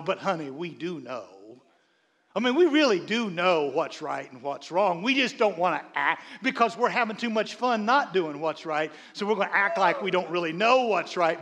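A man preaching a sermon as a bishop, animated, with frequent stammered restarts and quiet asides. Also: high voice. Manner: drops into quiet asides and quoted voices. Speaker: bishop and pastor.

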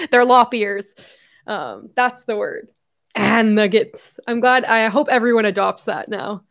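A woman's voice: on the high side, animated, slow pace, creaky, a bit bright. Tearful young woman chatting on a livestream. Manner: emotional, swears often, reads viewer messages. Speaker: YouTuber hosting a livestream. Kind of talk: casual livestream chat.

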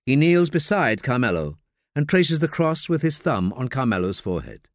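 A man narrating a crime novel audiobook, with expressive storytelling, at a studio mic. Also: medium pitch, moderate pace, no room sound. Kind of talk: scripted narration.

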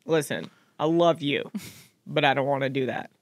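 A young woman co-hosting a podcast in casual chat, teasing her co-host with quick jokes and interjections. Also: extremely low pitch, no echo, studio quality.

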